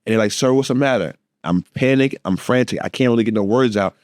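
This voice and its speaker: A man co-hosting a podcast, telling a story in a lively, laughing way and acting out the voices in it. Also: mid-range voice, fast talker, dry recording, clean studio sound. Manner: animated, laughing, acts out voices in his story. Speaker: podcast co-host. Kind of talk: casual storytelling chat.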